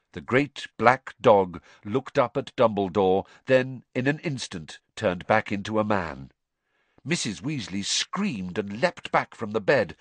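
A man narrating an audiobook with a steady storytelling delivery. His voice is somewhat low, with a lively, varied intonation. The sound is dry and close to the mic. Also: measured pace, dry recording. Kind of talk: scripted narration.

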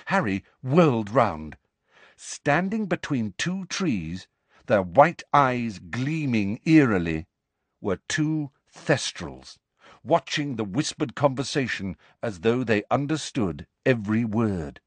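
A male audiobook narrator with a lively, animated delivery and a mid-pitched voice. The reading is dry and close, with no room sound. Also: slow, husky, no room sound. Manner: expressive storytelling. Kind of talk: scripted narration.

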